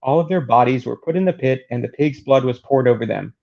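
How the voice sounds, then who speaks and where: Brief: man doing a panicked fighter, low gravelly voice, dull lo-fi take. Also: a little fast, dark tone, lightly acted. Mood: distraught. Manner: distraught, plain reading voice. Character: frightened male fighter fleeing in panic. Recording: dull lo-fi recording.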